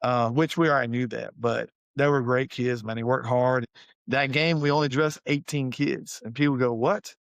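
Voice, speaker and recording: A middle-aged high school head football coach from Savannah, Georgia, appears as a guest in a casual interview, telling coaching stories in an easygoing, animated, folksy style. His gravelly voice has an ordinary middle pitch and a moderate pace. The recording is dry and close, with almost no room sound.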